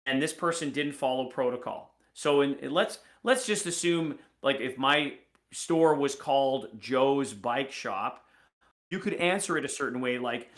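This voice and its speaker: A man's voice: mid-range voice, unhurried. A middle-aged man hosting a sales podcast, telling stories with lots of restarts and acting out the people he quotes. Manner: animated storyteller, acts out quoted voices, many restarts. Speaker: podcast host. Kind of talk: casual sales podcast storytelling.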